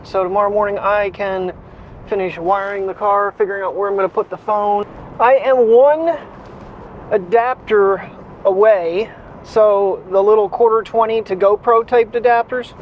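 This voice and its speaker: A man's voice: high-pitched, fairly even intonation, moderate pace. A man vlogging in a rambling, chatty way, talking to the camera and to his dog. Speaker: daily vlogger. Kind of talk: casual chat. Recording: dull lo-fi sound, faint noise.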